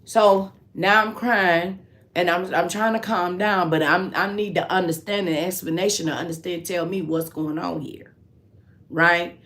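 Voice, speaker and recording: A woman hosting a casual livestream, telling a story in a loose, animated way and answering her viewers with endearments like sweetheart and baby. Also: lowish voice. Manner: loose, drawn-out delivery with restarts. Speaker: livestream host.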